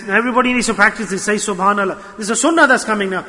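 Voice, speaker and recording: A man's voice: sits high, lively intonation, racing, few pauses, pushed and bright, long reverb tail. A man giving an impassioned sermon, speaking to a gathering and calling out to the brothers again and again. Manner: impassioned and repetitive, addressing the brothers. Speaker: sheikh giving a religious talk. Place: gathering before dhikr.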